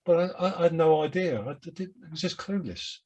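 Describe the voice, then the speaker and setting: A man in his seventies with a London Cockney accent, a guest telling rambling, self-deprecating stories in a relaxed interview over a video call. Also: a little high, brisk, highs cut off. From London, England. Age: 70s. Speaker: guest musician. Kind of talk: reflective interview chat.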